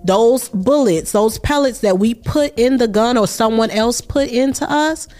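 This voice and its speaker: A woman's voice: a little high, measured pace, a little mellow. Woman podcast host, emphatic and repetitive, reflective talk over faint background music. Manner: repetitive, emphatic, rhetorical questions.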